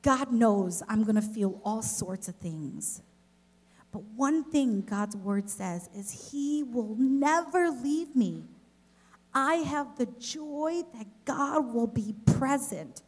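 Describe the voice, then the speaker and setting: A woman giving a children's message at a church service, telling a personal story in an expressive, gentle way to the kids and then to the families. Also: medium pitch. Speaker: children's director. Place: church service, in front of a congregation.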